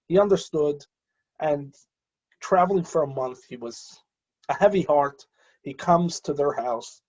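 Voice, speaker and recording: A rabbi telling a story in an animated way, pausing often with fillers and restarts, and acting out the voices of the people in it. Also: male voice, fairly high pitch, breathy edge, highs cut off. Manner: hesitant with frequent fillers and restarts. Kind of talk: storytelling talk.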